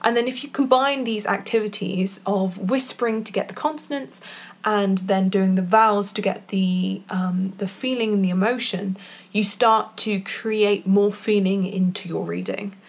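A woman's voice: medium pitch, moderate pace. A woman who is a voice actor and poet, giving performance tips in a chatty, informal way, now and then demonstrating exercises with her voice. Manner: chatty, with fillers and small laughs, demonstrating vocal exercises. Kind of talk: casual instructional talk.

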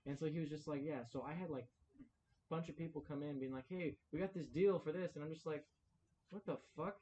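A man's voice: fairly high pitch, brisk, mellow, slight background noise, low-quality recording. A young man telling a long story in casual podcast chat, rambling, with many "like"s and acted-out quotes. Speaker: podcast co-host.

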